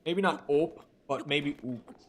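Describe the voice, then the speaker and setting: With a fairly high, slightly bright voice and a somewhat slow pace, a Minnesotan man gives easygoing, foul-mouthed live-stream commentary on his game. He has a light regional accent and reads viewers' chat aloud as he responds.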